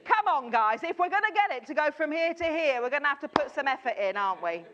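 A woman preaching an energetic sermon at a church gathering, firing questions at the congregation and urging them to answer. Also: sits high, fast talker. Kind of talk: lively interactive sermon. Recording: dull lo-fi sound.

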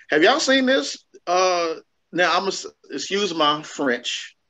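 A man's voice: high voice, sing-song, slow pace, pushed and bright. A man, co-hosting a casual chat show in a laid-back, drawling way. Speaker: podcast co-host. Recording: dull lo-fi sound.

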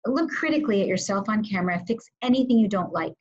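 A woman leads a webinar, coaching her listeners step by step in a measured, instructive voice with plenty of ums. Her tone is a little husky. The computer-mic audio comes through dull and lo-fi. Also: mid-range voice, animated. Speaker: webinar presenter, media trainer. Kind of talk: webinar presentation with slides.

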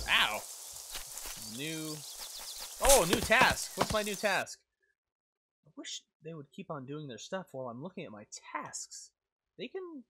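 A man giving excitable live commentary on a game he is playing, talking to himself and to his characters and swearing when something startles him. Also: on the high side. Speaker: let's play gamer. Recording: loud game sounds behind voice.

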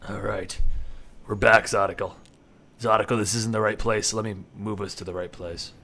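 A man casually commentating a video game, joking, excitable and often laughing. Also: fairly low pitch, normal speed, vocal fry. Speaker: gameplay commentator. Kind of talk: casual let's-play commentary.

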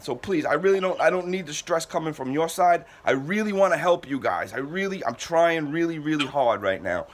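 An exasperated man who owns a moving company, on a heated phone call with a customer. He sounds defensive and stammers through repeated restarts. His voice sits a little high for a man. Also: animated, fairly quick, hardly any pauses.

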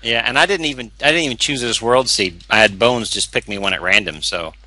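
A man's voice: mid-range voice, fairly quick, sharp tone, no room sound, low-quality recording. A man chatting casually while playing a game, playful and fond of putting on accents. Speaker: game player. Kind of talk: casual gameplay chat.

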